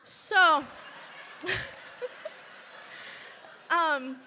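A woman's voice: high-pitched, drawn-out words, bright, forceful tone, a little hiss or hum. A woman in her twenties from Missouri tells a personal story to a live audience, chatty, with many ums and laughing asides. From St. Louis, Missouri, US.

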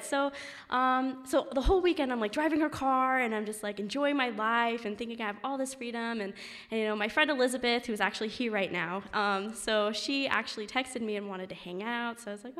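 A young woman spins a personal story for a live crowd, loose and rambling with plenty of "like" and "um". Her voice sits a little high and rings bright. The sound carries a long, echoing tail from a large hall. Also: brisk. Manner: chatty, filler-heavy, many "like"s.

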